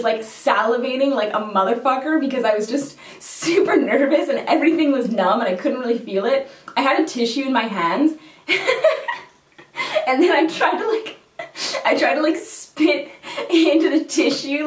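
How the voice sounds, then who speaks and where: Cursing, animated woman vlogger, echoey room. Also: fairly high pitch. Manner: swears freely, laughs often, dramatic retelling. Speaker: makeup vlogger. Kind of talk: casual storytelling to camera. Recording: roomy echo, mic at a distance.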